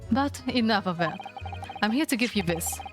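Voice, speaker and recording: A showy, wordy gentleman detective, worn out but still speaking at length in a storybook game voice, as a woman reads him aloud. She gives him her everyday middle pitch. Game music runs clearly underneath. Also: animated, normal speed, close to an everyday voice. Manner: grandiose, long-winded phrasing. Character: eccentric theatrical male detective, frail.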